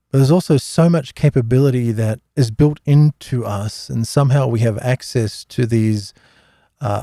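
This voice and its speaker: Man, middle-aged, live Q&A host: gravelly, rambling storyteller, dry close sound. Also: mid-range voice, warm tone, no echo. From Australia. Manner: rambling, anecdotal, many fillers and restarts. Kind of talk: casual religious storytelling talk.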